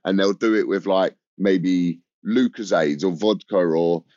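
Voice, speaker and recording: A man's voice: sits low, measured pace, a little mellow, dry recording, lo-fi sound. A young man guesting on a comedy podcast, talking loosely and rambling in a casual way. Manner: loose, rambling, filler-heavy. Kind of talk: casual chat.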